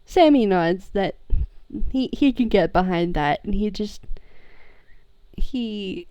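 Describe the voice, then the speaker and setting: Slow, mellow-voiced woman player. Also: mid-range voice, lively intonation, clear, resonant tone, dry recording, lo-fi sound. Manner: giggly, rambling. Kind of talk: narrating a tabletop role-play.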